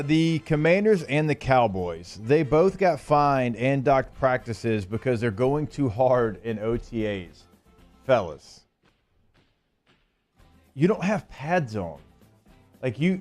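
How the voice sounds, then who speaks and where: A man's voice: medium pitch, darkish tone. A man co-hosting a sports radio show in a studio, talking casually and leaning on "like.". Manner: casual, laid-back, leans on "like". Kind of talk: morning sports radio chat.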